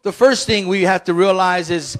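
A man, a pastor, preaching a lively sermon with shouted call-and-response. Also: high voice, moderate pace, low-quality recording.

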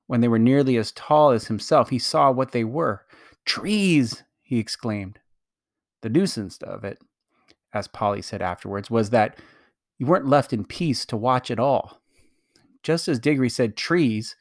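Man calmly reading a storybook. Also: fairly low pitch, dry recording, clean studio sound. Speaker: reader.

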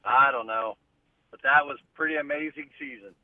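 A man's voice: mid-range voice, normal speed, no echo. A man calling in by phone from outdoors to a casual sports chat, laid-back with short, dry replies. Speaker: co-host on a call. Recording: tinny phone line.

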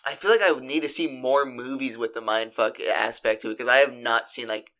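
A man's voice: mid-range voice, fairly even intonation, fairly quick, bright, forceful tone. A man guesting on a casual podcast, talking hesitantly with many restarts and fillers. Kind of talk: casual chat.

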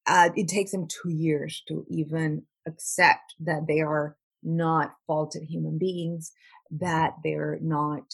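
A woman with a lowish, husky voice speaks as an interview guest. She talks earnestly and often repeats words as she searches for the right phrase, in a plain conversational way. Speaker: guest, trauma recovery practitioner.

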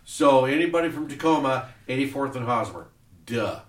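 A man hosting a podcast, telling a profane story in a casual, animated way and acting out voices. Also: mid-range voice, moderate pace, reverberant, distant mic. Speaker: podcast host. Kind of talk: casual storytelling over drinks. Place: podcast studio.

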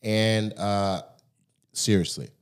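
A man hosting a podcast in a studio, giving a laid-back promotional pitch with fillers. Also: takes it slowly, clean tone. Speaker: podcast host. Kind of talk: casual chat. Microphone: studio microphone.

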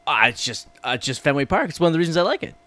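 A man co-hosting a podcast in casual chat, enthusiastic, swearing freely and trailing off as he gets excited. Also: fairly high pitch, very fast. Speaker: podcast co-host.

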